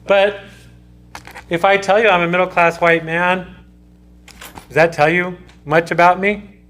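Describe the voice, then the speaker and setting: A man's voice: sits high, steady tone, unhurried, fairly bright tone. A man giving a conversational classroom lecture as a sociology lecturer, talking in restarts and asides to his students. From United States.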